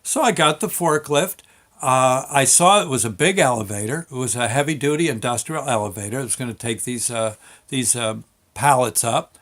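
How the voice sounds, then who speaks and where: A man's voice: mid-range voice, moderate pace, a bit bright. A man telling a story from his working life in a casual, rambling way, full of fillers and restarts. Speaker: show host.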